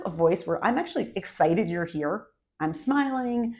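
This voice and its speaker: A woman's voice: mid-range voice, expressive, moderate pace, darkish tone. A married woman giving marketing and speaking tips straight to camera, upbeat and conversational in short punchy phrases. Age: adult, married. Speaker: marketing coach. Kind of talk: direct-to-camera tips video.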